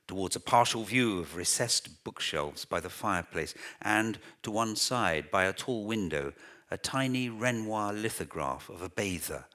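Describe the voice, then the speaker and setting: Male audiobook narrator, literary novel, measured reading, bright voice, lowish pitch.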